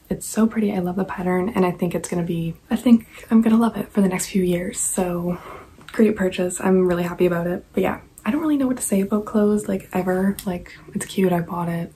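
At home indoors, a young woman vlogs to camera about clothes she bought, her medium-pitched voice mellow over slight background noise and poor audio. She chats and rambles, saying "like" and "I don't know" a lot, and partly whispers at times.

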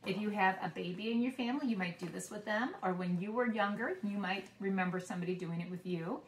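A woman's voice: mid-range voice, fast talker, far from the mic, a little hiss or hum. Preschool teacher woman in a roomy room. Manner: gentle, encouraging, talks to kids as if they were listening. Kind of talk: reading nursery rhymes to children. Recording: roomy sound from away from the mic.

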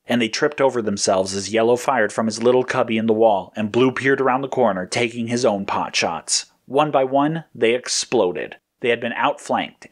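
Male narrator for a storybook, steady and even, mid-range pitch.

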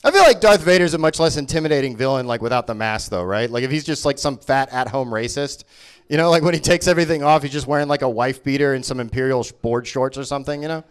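A man doing a stand-up comedy set, profane and mocking, with quick voices for the people he makes fun of. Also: mid-range voice, smooth. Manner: profane, animated, mocking impressions.

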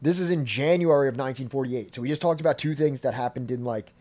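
Male podcast host, mid pitch, reads source text then riffs casually with "like" and "you know". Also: fast talker, a little mellow. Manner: reads passages aloud then explains them loosely with fillers. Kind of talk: casual history podcast commentary.

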